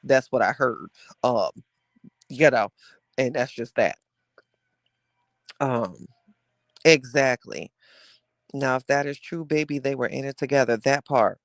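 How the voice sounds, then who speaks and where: A man's voice: mid-range voice, no room sound, studio quality. A man hosting a casual gossip podcast, talking in a sassy, dramatic way and addressing his listeners directly. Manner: sassy, dramatic, drawn-out storytelling. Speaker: podcast host reading live chat.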